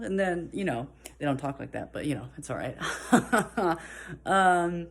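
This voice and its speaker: A woman's voice: on the low side, expressive, a little slow. A woman doing meandering amateur stand-up, full of fillers and self-conscious asides. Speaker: amateur comedian. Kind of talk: rambling stand-up. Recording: echoey room from a distant mic.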